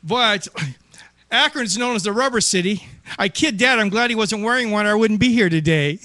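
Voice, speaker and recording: Bright, high-voiced man telling corny jokes. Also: normal speed, dry recording. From Ohio. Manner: corny, self-amused, laughs at own jokes. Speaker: stand-up comedian. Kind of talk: stand-up one-liners.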